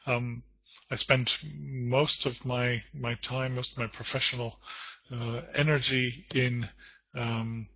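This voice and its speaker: A middle-aged man from the United States and Ireland, a trainer introducing himself in an online conference session with a measured, pausing delivery. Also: mid-range voice, flat delivery, pushed and bright, slightly rough, dry recording. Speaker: trainer and lecturer. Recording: dry, muffled online session audio.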